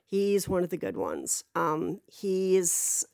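A woman's voice: on the low side, big pitch swings, takes it slowly, creaky, darkish tone, no room sound. A woman casually telling a personal story, rambling with many fillers and restarts and swearing freely.

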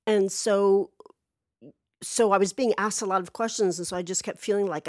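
A woman's voice: medium pitch, steady tone, moderate pace, darkish tone, no echo. A woman casually telling a personal story, rambling with many fillers and restarts and swearing freely.

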